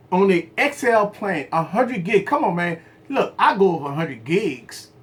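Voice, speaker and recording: Talking straight to his viewers as "guys," a tech channel host and business owner argues his case on a livestream. His voice swoops up and down energetically, and he leans on repeated phrases and rhetorical questions to land each point.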